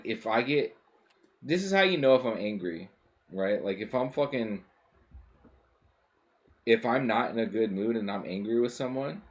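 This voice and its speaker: A man streaming a game, chatting casually and rambling, with lots of swearing, fillers and restarts. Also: fairly low pitch. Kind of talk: casual chat while gaming.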